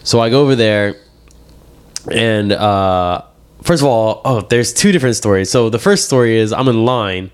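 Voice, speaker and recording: Man, low voice, rambling casual storytelling. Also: animated, moderate pace, clean tone. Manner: rambling, lots of fillers and restarts.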